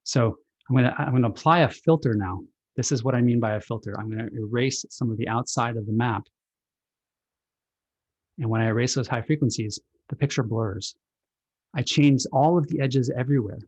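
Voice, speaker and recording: A man presenting his book on a video call, explaining ideas in a relaxed, reflective way through everyday analogies. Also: medium pitch, fairly quick, slightly rough, dry recording. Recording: dull lo-fi video call audio.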